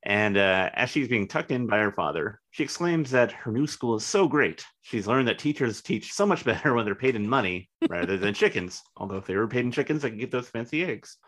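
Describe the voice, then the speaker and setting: A man's voice: mid-range voice, lively intonation, brisk, hardly any pauses, fairly bright tone. A man co-hosting a podcast, making laid-back, wry remarks in casual chat. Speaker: podcast co-host. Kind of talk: casual chat, episode recap.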